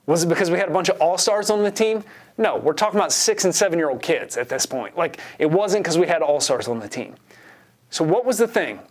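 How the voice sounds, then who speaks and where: A man in his forties preaching a sermon, telling a self-deprecating story in an animated way. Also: a little high, fairly quick. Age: 40s. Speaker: pastor.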